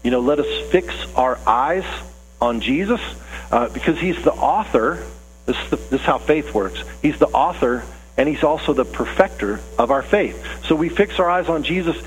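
A man's voice: fairly high pitch, animated, moderate pace, big-room sound, slight background noise, rough recording. A man preaching a sermon in a conversational, earnest way, often asking his listeners questions. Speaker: pastor.

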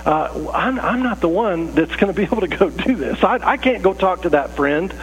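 A man's voice: high voice, animated, moderate pace, slight background noise, low-quality recording. A man preaching a conversational sermon to his congregation in a church, breaking off his sentences and acting out the people in the story. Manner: conversational, self-interrupting, acts out quoted voices. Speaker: pastor. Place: church sanctuary.

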